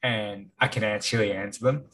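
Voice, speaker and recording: In a low-quality recording, another podcast co-host chats loosely, rambling along with heavy use of "like" and the odd swear word. His husky voice sits on the low side and sounds fairly bright, with fairly even intonation at a normal speed.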